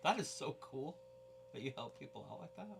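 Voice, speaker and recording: A woman's voice: a bass voice, fairly quick, gravelly, slight background noise. A woman co-hosting a casual live watch-along of a wrestling show, bantering and joking. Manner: animated, jokey banter. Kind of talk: casual live reaction chat.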